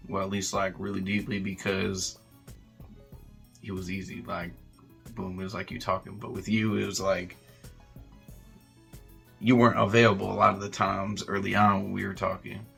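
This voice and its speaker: A man with a lowish, gravelly, bright-edged voice talks earnestly in a casual chat. He sounds apologetic as he explains himself. He rambles, filling gaps with "like" and "you know". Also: little pitch movement, moderate pace, pauses often, soft background music. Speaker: co-host.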